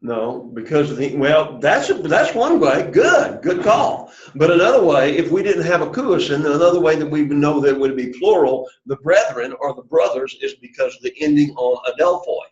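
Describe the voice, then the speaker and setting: A man's voice: fairly high pitch, lively intonation, brisk, hardly any pauses. A man teaching an introductory Greek class, patiently drilling students after opening with a prayer. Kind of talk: classroom lesson. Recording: echoey room, dull lo-fi sound.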